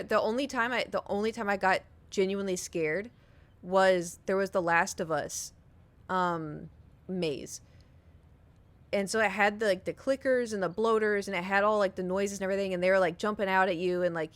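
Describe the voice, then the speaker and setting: A young adult woman streamer telling a story in casual chat with her viewers, animated and giggly, swearing casually. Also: mid-range voice.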